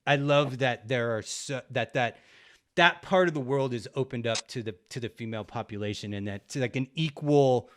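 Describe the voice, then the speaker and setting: A middle-aged man hosting a relaxed podcast chat, with a voice of middling pitch. He rambles through his points, leans on fillers and breaks into easy laughs. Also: normal speed, a little hiss or hum. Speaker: podcast host and record cover artist. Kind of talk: casual conversation.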